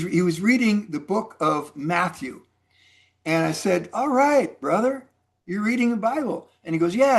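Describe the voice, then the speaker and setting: A man in his sixties telling casual personal stories to a group as a mentor speaker, acting out the dialogue as he goes. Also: fairly high pitch. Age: 60s. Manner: chatty, animated storyteller acting out dialogue.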